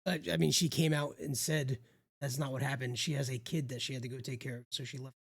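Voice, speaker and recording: A man's voice: medium pitch, fairly even intonation, fast talker, breathy edge. A man co-hosting a casual wrestling podcast who answers his partner with dry, sarcastic retorts. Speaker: podcast co-host.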